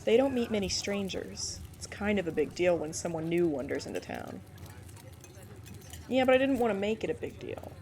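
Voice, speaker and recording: A woman's voice: medium pitch, sing-song, moderate pace, vocal fry, darkish tone, a little hiss or hum. A woman hosting a let's play, casually commenting and reading game text aloud in a playful, chatty way. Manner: playful, chatty, reacts with frequent laughs. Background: game background music.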